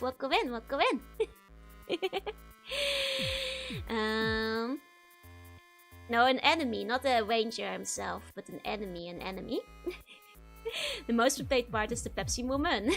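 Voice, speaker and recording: Giggly high-voiced woman streamer. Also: big pitch swings, takes it slowly, creaky, long pauses, fairly bright tone, soft background music. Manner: giggly, laughs often between remarks; chatty, greets viewers by name. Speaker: VTuber streamer. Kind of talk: casual let's-play commentary.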